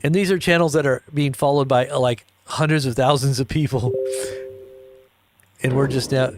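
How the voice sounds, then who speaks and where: A man's voice: medium pitch, steady tone, moderate pace, no echo. A tired man hosting a live news commentary stream, rambling and joking with viewers. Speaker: host.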